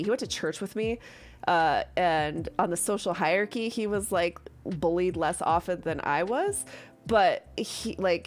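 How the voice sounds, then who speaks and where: A woman running a tabletop game as game master, chatting casually in a rambling way with lots of fillers and some swearing. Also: on the low side.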